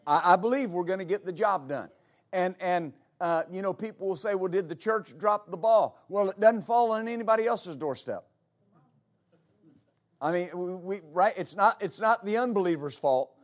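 A high-pitched man preaching a sermon as pastor of his church. He hammers home key lines by repeating them, his delivery rising to emphatic peaks. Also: moderate pace.

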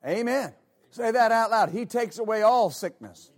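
A man's voice: sits high, normal speed. A male pastor preaching a sermon, emphatic and repetitive, often calling out amen. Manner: emphatic, repeats words, calls out amen.

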